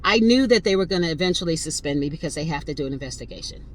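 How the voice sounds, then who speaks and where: Low-voiced and very fast, a podcast host in her fifties tells a story casually and emphatically, addressing listeners directly with plenty of animation. The recording is rough with slight background noise.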